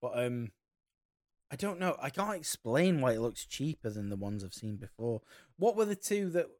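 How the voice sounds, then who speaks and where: A man's voice: medium pitch, sing-song, moderate pace, darkish tone. Exasperated sweary man. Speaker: podcast co-host recapping a film. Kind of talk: casual chat.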